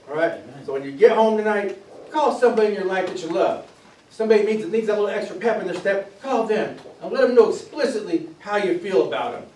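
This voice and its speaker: A man's voice: high voice, a little hiss or hum. A middle-aged man running for office gives an earnest, emotional closing statement at a community forum. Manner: earnest and emotional, speaking to his daughter. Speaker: political candidate. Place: community meeting room. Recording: echoey hall, mic heard from a distance.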